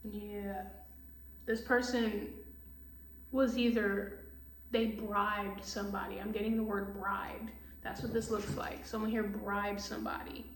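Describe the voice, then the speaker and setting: A woman's voice: mid-range voice, flat delivery, a little slow, distant mic, slight background noise. Profane woman tarot reader, echoey room. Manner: blunt, profane, heated ranting. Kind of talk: casual tarot reading rant.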